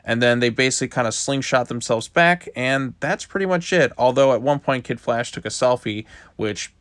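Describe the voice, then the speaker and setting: A man talks through a comic book review in a loose, casual way, stringing the story together with frequent "like" fillers. His voice sits at an ordinary middle pitch. The recording is close and dry with no room sound. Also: lively intonation, normal speed, a bit bright, smooth, no echo. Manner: loose retelling with many "like" fillers.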